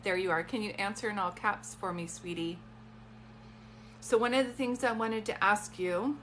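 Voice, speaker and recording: A woman with a bright, forward voice leads a live-streamed reading from her phone, chatting in loose asides. A faint hiss and a soft hum sit under her voice. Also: mid-range voice. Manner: chatty, warm-toned, rambling asides. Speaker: psychic medium.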